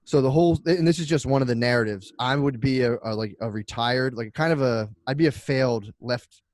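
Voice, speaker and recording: A man's voice: mid-range voice, brisk, dry recording. A man co-hosting a casual comedy podcast, rambling through an invented story and acting out little scenes with frequent laughter. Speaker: podcast co-host.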